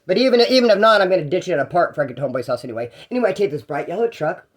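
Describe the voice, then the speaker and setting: A young man spins a casual story in quick, tumbling bursts. His voice sits a little high, and his slangy, rambling delivery keeps doubling back on itself. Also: animated.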